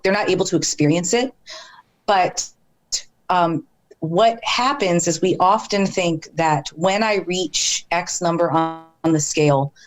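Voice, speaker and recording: Woman, podcast guest, low voice, earnest explaining tone. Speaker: guest expert. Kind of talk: casual conversation.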